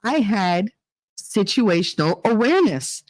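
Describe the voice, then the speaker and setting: A woman's voice: medium pitch, unhurried, no room sound, poor audio. A middle-aged woman telling stories in a casual monologue vlog, acting out the people she quotes. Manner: animated storytelling, acting out quotes. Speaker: vlogger.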